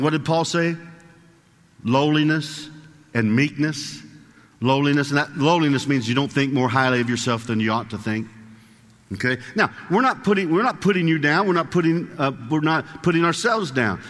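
Brief: a male preacher with a high-ish, forceful voice, chatty with the congregation, long hall reverb. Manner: conversational, asks the congregation questions, reads scripture slowly. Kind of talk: sermon.

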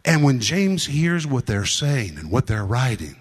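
A man's voice: mid-range voice, big pitch swings, a little slow, few pauses, breathy edge. A man preaching a sermon, emphatic and repetitive, stressing his points and acting out the scripture he quotes. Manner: emphatic, repeats lines for stress.

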